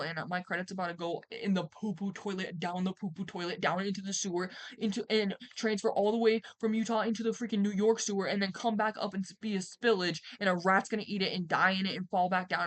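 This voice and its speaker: A young woman streamer telling a personal story in a rambling, animated way, swearing and acting out quotes loudly. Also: mid-range voice, fast, few pauses. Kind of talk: casual storytime.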